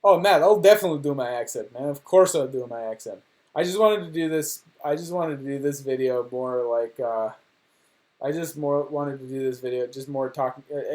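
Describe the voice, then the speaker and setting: A man's voice: medium pitch, a little mellow. A young man chatting casually on a livestream from home, rambling and joking at his own expense. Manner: rambling, joking, self-deprecating. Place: home room.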